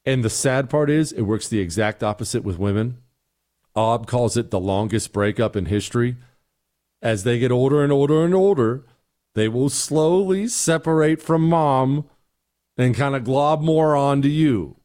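With a mid-range, darkish voice at a normal speed, this middle-aged host fields listener emails on his talk show. He's blunt and exasperated, mocking people's voices whenever he quotes them.

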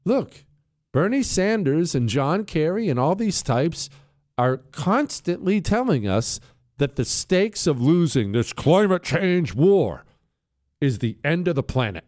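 Sarcastic, combative male talk radio host. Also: measured pace. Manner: lively pitch swings, stressing words. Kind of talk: opinionated political talk radio monologue.

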